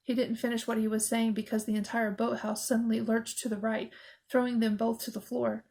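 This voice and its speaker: Woman narrator, fairly high voice, expressive storytelling, children's horror novel. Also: fairly quick, low-quality recording. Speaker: audiobook narrator.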